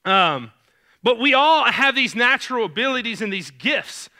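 A man's voice: extremely high pitch, very animated, moderate pace, sharp tone. A man with a Southern US accent, a youth pastor preaching a sermon in a casual, conversational way with many fillers. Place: church sanctuary stage.

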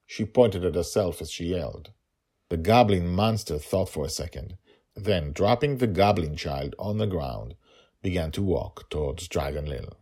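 A man's voice: low-pitched, animated, normal speed, a little mellow. A man narrating a story and reflecting on it in an emotional, thoughtful way.

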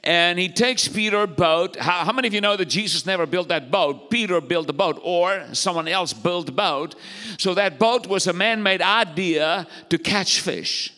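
A man's voice: sits high, normal speed, pushed and bright, in a large hall. A man preaching as pastor, exhorting the congregation and calling for their responses. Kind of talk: sermon.

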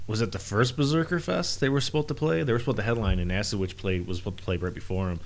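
A man in a relaxed, profane casual chat, co-hosting a podcast and trading stories about metal bands. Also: lowish voice, fast, slight background noise. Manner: relaxed, profane, chuckling asides.

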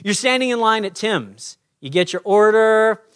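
Male pastor, sermon, lively swooping delivery, high voice, conversational. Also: normal speed, smooth. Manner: animated, conversational preaching with acted-out quotes.

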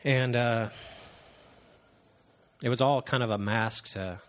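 A man in his thirties giving an earnest, halting personal testimony to a congregation, with frequent pauses and fillers. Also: mid-range voice, steady tone. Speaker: church member giving testimony.

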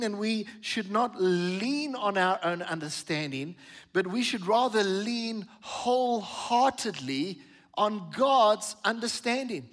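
Middle-aged pastor guy preaching, fairly high voice, pushes hard on key words and gets the crowd to answer back. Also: a bit bright. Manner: emphatic preaching with congregation call-outs. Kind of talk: sermon. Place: church stage with pulpit.

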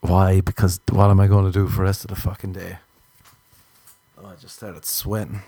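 Male podcast comic, dark mellow tone, crude rambling delivery, dry close sound. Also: low voice, flat delivery, normal speed, husky, no room sound. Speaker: podcast host. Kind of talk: comedic monologue. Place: Los Angeles.

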